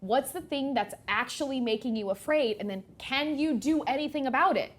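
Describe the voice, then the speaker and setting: A woman co-hosting a podcast in casual chat, telling animated stories and acting out what people said. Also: high-pitched, normal speed. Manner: animated storyteller, acts out quotes. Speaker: podcast co-host.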